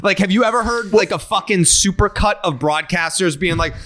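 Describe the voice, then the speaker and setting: A man's voice: sits high, fairly quick, fairly bright tone. A man hosting a podcast, ranting profanely and with heat in casual chat. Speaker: podcast host.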